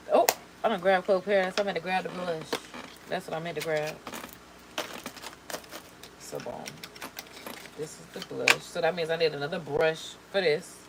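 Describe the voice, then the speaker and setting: Slangy, animated woman vlogger. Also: lowish voice, background noise. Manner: animated, slangy, repeats words for emphasis. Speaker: beauty vlogger. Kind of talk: casual chat while doing makeup.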